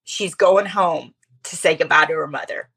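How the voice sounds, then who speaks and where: A middle-aged woman chatting as a podcast guest, telling stories in an animated way with quick asides. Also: sits low, gravelly, husky. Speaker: podcast guest, speaker coach. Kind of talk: casual interview chat.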